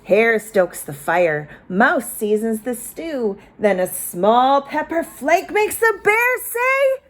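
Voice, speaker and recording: Woman teacher, children's read-aloud; slow, animated, invites joining in. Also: on the high side. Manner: expressive, invites children to join in. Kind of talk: reading a picture book aloud to children.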